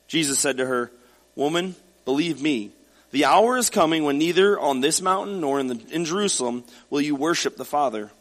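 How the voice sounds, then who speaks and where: A man's voice: on the high side, fairly bright tone. Preaching man in a reverberant hall. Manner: reads scripture then explains it conversationally. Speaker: pastor. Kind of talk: sermon.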